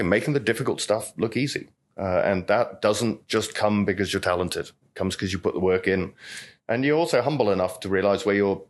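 Middle-aged bartender guest, rambling anecdotal storyteller, slightly low voice. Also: male voice. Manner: chatty, anecdotal, lots of "you know". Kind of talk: storytelling interview talk.

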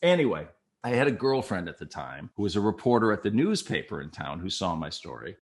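An older man, a former TV news photographer and reporter, telling stories from his career in a casual, animated way and acting out the people in them. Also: low-pitched, brisk. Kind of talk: casual anecdotal storytelling.

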